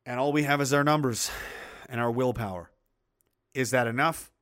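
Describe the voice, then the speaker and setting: A man's voice: mid-range voice, moderate pace, a bit bright. A man hosting a livestream, ranting in crude, mocking, blunt commentary and reading out viewer comments. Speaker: livestream host reading chat.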